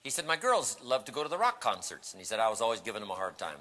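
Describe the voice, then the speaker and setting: A man delivers a motivational seminar talk with a piercingly bright tone. He tells stories with animation and slips into the voices of the people in them. The recording carries a long hall reverb. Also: lowish voice, rapid-fire, a little hiss or hum. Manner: animated storytelling, acting out quoted voices. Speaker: motivational speaker. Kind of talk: seminar storytelling speech.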